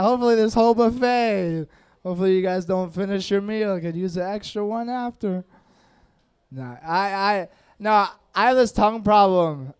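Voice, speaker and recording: A young stand-up comic with a noticeable lisp, working the crowd in a loose, self-mocking way and chuckling at his own lines. His voice sits high for a man and comes across smooth and clear. He is on a stage mic in front of a dining audience. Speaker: stand-up comedian. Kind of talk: stand-up set with crowd work.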